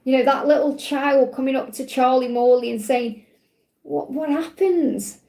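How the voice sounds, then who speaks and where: A woman's voice: high voice, level tone, moderate pace, darkish tone, reverberant. A woman hosting a spiritual live stream, talking in a heartfelt, rambling way with plenty of fillers. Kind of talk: emotional live-stream talk.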